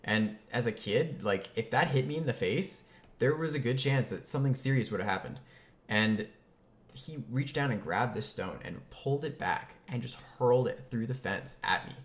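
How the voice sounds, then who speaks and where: A man casually telling a comic childhood story, chatty and animated, with lots of fillers and bursts of mock outrage. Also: mid-range voice, moderate pace.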